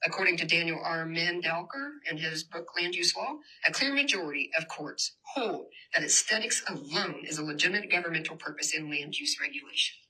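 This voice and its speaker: A woman's voice: lowish voice, lively intonation, brisk, hardly any pauses, bright, forceful tone, breathy edge. A woman giving an impassioned public presentation in a university hall, addressing the audience directly. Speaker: community organizer giving a talk.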